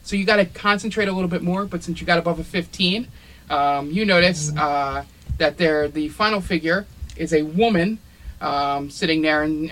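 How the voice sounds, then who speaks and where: Describing scenes as the game master of a tabletop role-playing game, a man leans heavily on fillers like um and uh. His voice is a bit high and fairly bright, and the rough recording has slight background noise.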